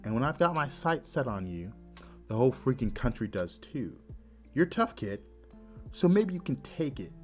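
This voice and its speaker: A man's voice: mid-range voice, big pitch swings, normal speed, faint music behind, lightly acted. A man voicing a scheming, arrogant male mage villain who speaks in a smug, threatening, bargaining way.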